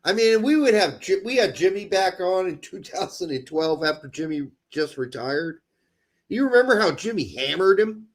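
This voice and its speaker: A man co-hosting a casual soccer chat, ranting and mocking claims in quick sarcastic bursts. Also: high voice. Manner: animated, ranting, sarcastic mimicry. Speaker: podcast co-host.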